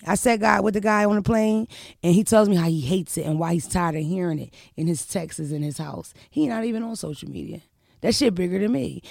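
A woman in casual podcast talk, brash and loud-mouthed, punching her points with profanity. Her voice has a gravelly edge. The sound is close and dry. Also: medium pitch, no echo. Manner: brash, profane, emphatic storytelling. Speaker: podcast host. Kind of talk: casual storytelling chat.

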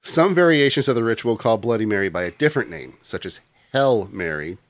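A man's voice: lowish voice, lively intonation, fairly quick, no room sound. A man hosting a casual podcast, reading notes aloud between jokes. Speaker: podcast host reading the lore.

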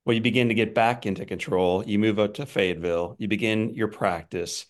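A man's voice: lowish voice, fairly even intonation, brisk. A man interviewing a guest, earnest and admiring, leading her through her story. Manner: earnest, admiring, prepared questions. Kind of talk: conversational interview.

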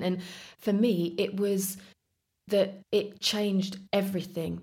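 A woman's voice: mid-range voice, normal speed. A woman from England, a guest on a podcast, telling her own story in casual chat and acting out what she and others said. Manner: lively storytelling, acts out her own past words.

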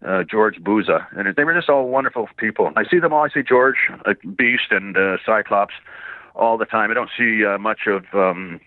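A man's voice: fairly low pitch, normal speed, no echo. A man from Canada, a voice actor guest, telling rambling anecdotes with frequent chuckles in a casual interview. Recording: tinny phone-like line, dry.

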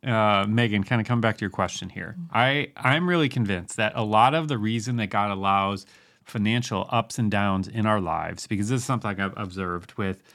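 A man co-hosting a casual podcast, slowing down to stress scripture quotes and rambling easily in between. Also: fairly low pitch. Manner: slow, emphatic when quoting scripture; relaxed, rambling. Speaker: podcast co-host.

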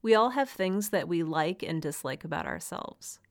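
A woman's voice: low-pitched, huge pitch swings, moderate pace, vocal fry. A woman hosting a solo podcast for writers, talking in an earnest, encouraging way with a light laugh now and then. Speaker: podcast host.

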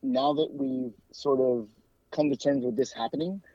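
Dark-toned man in a lo-fi remote interview. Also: mid-range voice, fairly even intonation, dry recording. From United States. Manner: chatty, talks in quick bursts with frequent restarts and fillers. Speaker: guest, soccer club fan and podcast co-host. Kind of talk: casual interview.

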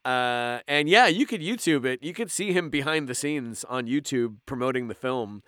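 A man's voice: mid-range voice, moderate pace, dry recording, clean studio sound. A man from Canada, a voice actor, chatting animatedly in an interview and telling stories from the recording booth. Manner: animated storyteller, slips into impressions. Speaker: voice actor guest. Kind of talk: casual interview chat.

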